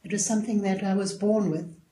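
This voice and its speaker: Older South African woman, 70s, calm storyteller, mellow tone, echoey room. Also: medium pitch, fast. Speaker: guest. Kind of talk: casual interview chat.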